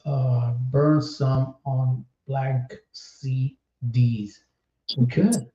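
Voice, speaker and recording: A man's voice: mid-range voice, fairly even intonation, very slow, mellow, echoey room, highs cut off. A man hosting a live podcast in casual chat, upbeat and laughing easily as he reads viewer comments aloud. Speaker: podcast host.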